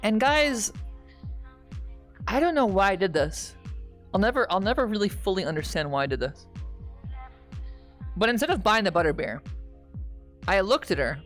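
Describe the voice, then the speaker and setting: A woman streamer telling a long, rambling story to her chat, with frequent "okay?" asides and sudden loud outbursts. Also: medium pitch, animated, moderate pace, pauses often, faint music behind. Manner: bursts into loud shouting at punchlines.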